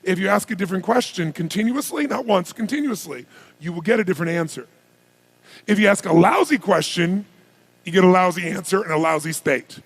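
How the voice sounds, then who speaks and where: Gravelly, husky man firing questions at a crowd. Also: animated, rough recording. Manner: rapid-fire rhetorical questions, commanding the crowd; swings from low intensity to shouted hype. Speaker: motivational speaker. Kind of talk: live seminar speech to an audience.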